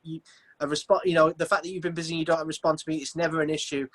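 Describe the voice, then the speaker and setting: Friendly poet, slightly high voice. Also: male voice, flat delivery, rapid-fire. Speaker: guest poet. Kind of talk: casual video call chat. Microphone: video call.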